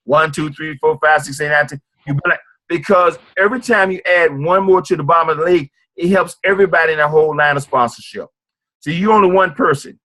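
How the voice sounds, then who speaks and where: A man leads a motivational business meeting with an emphatic, repetitive drive that recalls a preacher. His voice sits a touch higher than most men's. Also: a little fast, pushed and bright. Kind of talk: motivational sales presentation.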